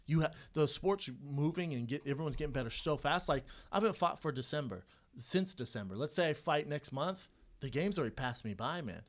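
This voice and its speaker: A man's voice: on the high side, a little fast. A man co-hosting a podcast, a former fighter telling stories in a casual chat, acting out what people said and swearing freely. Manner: animated storyteller who acts out quotes, profane.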